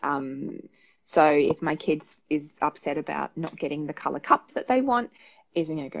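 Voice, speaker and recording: A woman with an Australian accent, a psychologist giving parenting advice in a relaxed, thoughtful way, with many fillers. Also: sits low, moderate pace, dull audio. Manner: thoughtful, rambling with many fillers, acts out examples. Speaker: perinatal psychologist guest. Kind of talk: casual advice talk. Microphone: video call.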